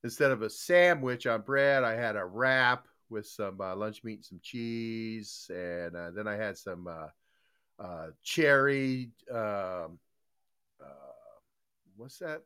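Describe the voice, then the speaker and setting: A man's voice: on the low side, takes it slowly, bright, forceful tone, clear, resonant tone. An older man hosting a casual live podcast, rambling with lots of fillers and folksy, chummy greetings. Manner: rambling, loose, many fillers and restarts. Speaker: podcast host.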